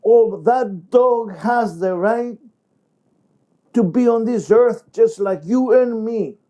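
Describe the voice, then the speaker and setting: Man voicing indignant neighbor, protesting, raised pitch, mellow tone. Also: slow pace, lo-fi sound. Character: indignant neighbor man defending his dog.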